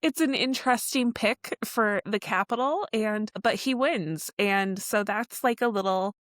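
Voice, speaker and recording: Woman, podcast guest, casual friendly talk, medium pitch, dry room. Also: unhurried, fairly bright tone, no room sound. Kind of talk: casual conversation.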